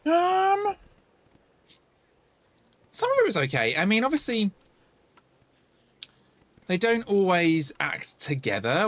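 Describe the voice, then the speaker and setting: A man chats casually with his viewers while he plays, answering questions and reacting out loud. His voice sits a little high and swings widely in pitch, with playful sing-song asides. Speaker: streamer.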